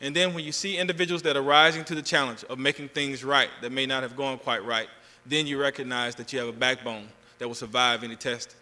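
A man with a Southern US accent, from Georgia, giving an energetic convention speech with a preacherly lilt. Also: medium pitch, fairly quick, few pauses. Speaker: national representative giving a convention address. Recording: long hall reverb.

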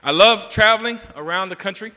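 A man with a Southern US accent, from Georgia, giving an energetic convention speech with a preacherly lilt. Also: high voice, brisk. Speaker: national representative giving a convention address. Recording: long hall reverb.

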